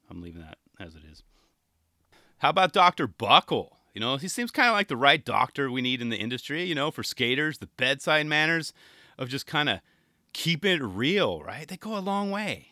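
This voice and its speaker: A man hosting a podcast, rambling in an animated, jokey, slangy way. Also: medium pitch, dry recording, studio quality. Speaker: podcast host. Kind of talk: casual chat.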